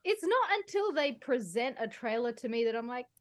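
A woman's voice: fairly high pitch, very animated, fairly quick. A woman co-hosting a casual podcast chat, giggly and self-deprecating, with game music behind her. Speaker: podcast co-host.

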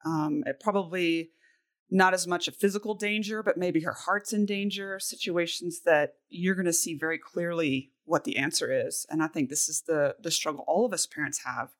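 A woman's voice: lowish voice, moderate pace. A woman hosting a casual podcast, asking her co-host questions and sharing her own thoughts in an encouraging way. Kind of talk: casual parenting podcast chat.

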